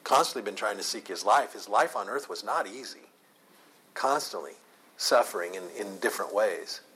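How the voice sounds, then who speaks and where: A man teaching an informal Bible study. He is animated, often repeats and restarts words, and laughs a lot. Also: lowish voice, normal speed, breathy edge, low-quality recording.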